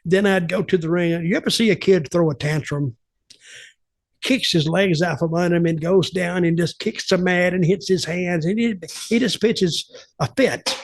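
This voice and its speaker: A man's voice: sits high, moderate pace, no echo. An older man, telling wrestling stories on a podcast and acting out other people's lines. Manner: animated, acts out quotes of others. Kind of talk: casual storytelling.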